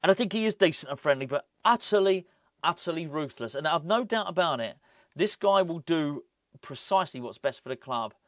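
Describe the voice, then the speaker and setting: A man hosting a casual football vlog, rambling and animated, often breaking off with laughs. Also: on the high side, a little fast, no room sound, studio quality. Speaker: football fan channel host.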